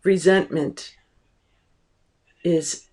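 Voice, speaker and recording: A woman teacher giving a lecture on a book, explaining slowly and deliberately with pauses, recorded at home. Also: fairly low pitch, steady tone, warm tone.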